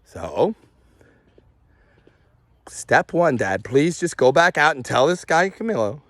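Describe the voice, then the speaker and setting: A man's voice: a little high, takes it slowly, no echo. A man telling an agitated personal story to camera, swearing and acting out what others said. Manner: agitated, animated, swearing, acts out others' lines. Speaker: vlogger.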